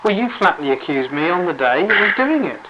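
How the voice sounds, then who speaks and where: A man's voice: high voice, sing-song, a little fast, lo-fi sound, very noisy. A man on the phone, exasperated and indignant. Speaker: call recipient. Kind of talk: phone argument. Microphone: telephone line.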